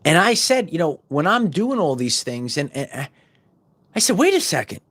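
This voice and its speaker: A middle-aged man hosting a podcast, giving a fervent spiritual monologue full of repetitions and stumbling restarts that rises into loud bursts. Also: on the high side, big pitch swings, normal speed. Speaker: podcast host.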